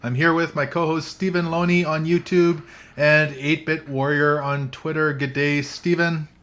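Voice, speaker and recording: A man's voice: on the high side, flat delivery, measured pace, fairly bright tone. A man hosting a casual tech chat show from a coffee shop, chatty and joking, laughing often. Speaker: podcast host.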